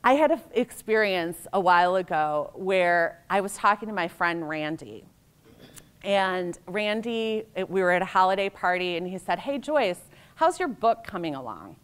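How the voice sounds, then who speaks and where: A woman's voice: on the low side, lively intonation, moderate pace, clear, resonant tone. American woman, middle-aged, keynote speaker, anecdotal storytelling, conversational. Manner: anecdotal, conversational, acts out quoted voices.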